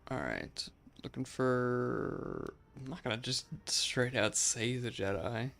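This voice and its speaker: A man's voice: medium pitch, lively intonation, slow, a bit bright. A man hosting a let's play, giving casual gameplay commentary in a chatty, musing way, often saying "like" and laughing.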